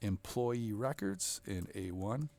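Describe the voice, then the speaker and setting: A man instructor giving an upbeat, encouraging, step-by-step software walkthrough. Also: lowish voice, big pitch swings, slow, vocal fry, a little hiss or hum. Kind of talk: screen-recorded software walkthrough.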